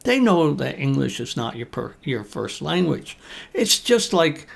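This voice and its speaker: A man teaching business English, talking to camera in an encouraging, conversational way with deliberate pauses. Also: fairly high pitch, very animated, creaky. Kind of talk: talking-to-camera coaching talk.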